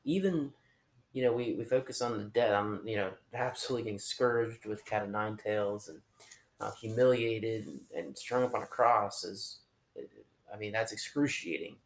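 A man giving an informal, conversational sermon, talking in a halting way with restarts and fillers. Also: lowish voice, reverberant, slight background noise. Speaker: preacher.

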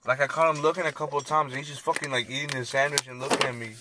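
A man's voice: medium pitch, fairly even intonation, racing, very noisy. A young man in casual chat with friends, talking loosely with slang and swearing.

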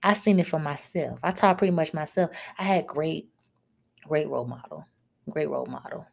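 Blunt, scolding podcast woman, low-pitched. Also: moderate pace, vocal fry. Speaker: podcast host. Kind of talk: solo podcast rant.

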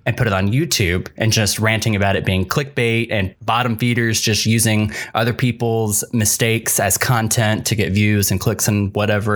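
A man's voice: on the low side, moderate pace, fairly bright tone. A man co-hosting a podcast in casual chat, agreeing readily and then ranting with some swearing. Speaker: podcast co-host.

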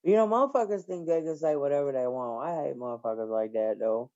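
A woman with a gravelly, creaky voice trades blunt, profane stories in casual chat. Her voice is dry and close, and the call audio sounds dull and lo-fi. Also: extremely low pitch, fast talker, warm tone, dry recording. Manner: blunt, profane, storytelling with laughs.

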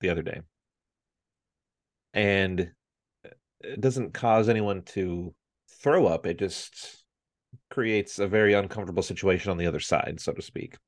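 A man's voice: deep voice, unhurried, long pauses, no echo, clean studio sound. A man in his thirties, a podcast co-host, telling a story in casual chat and acting out his family's voices. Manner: animated storyteller, acts out family members' voices.

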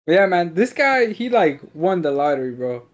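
A man's voice: sits high, big pitch swings, normal speed. A young man in casual chat, telling a story with laughs, swearing and quoting others.

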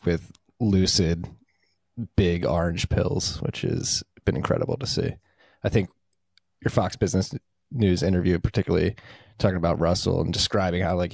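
A male podcast host with a deep voice and plenty of vocal fry. He chats easily and heaps praise on his guest before asking questions. The sound is dry and close. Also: a little mellow, dry recording. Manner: easygoing, enthusiastic praise of guest. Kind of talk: casual interview.

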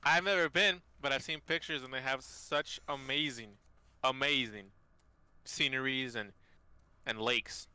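A man's voice: medium pitch, measured pace, sharp tone, clear, resonant tone, no echo. A young man co-hosting a casual podcast chat, joking bluntly and swearing freely.

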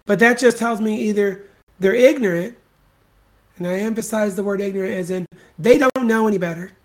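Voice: medium pitch, fairly quick, a little mellow. An adult podcast host delivering a solo commentary rant, blunt and profane, repeating insults and points for emphasis. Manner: blunt, profane and scornful, hammering points by repetition.

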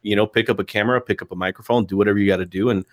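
Man, podcast guest, rambling storyteller, low voice, dry close sound. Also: steady tone, racing, no echo. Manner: rambling, storytelling with put-on quotes. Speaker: guest, comics creator. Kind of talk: casual podcast chat.

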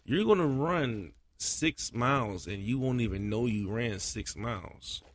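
A man hosting a casual podcast monologue, his voice a little scratchy, talking colloquially and getting animated. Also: mid-range voice, a little slow. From Florida. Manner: animated, swings loud for chanted cadence bits; colloquial, repeats "you know". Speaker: podcast host, cadence caller.

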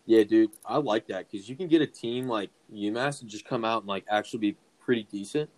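Young man, low voice, laid-back, slangy, casual sports chat. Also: a little fast, darkish tone, rough recording. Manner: laid-back, slangy, says dude a lot. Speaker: podcast co-host.

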